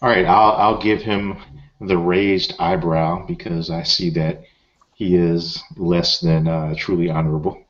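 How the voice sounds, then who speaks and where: A man's voice: low voice, little pitch movement, a little slow. A middle-aged man playing a tabletop role-playing game, hesitant with many fillers. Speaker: player. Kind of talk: tabletop role-play, in and out of character. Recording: slightly muffled lo-fi recording.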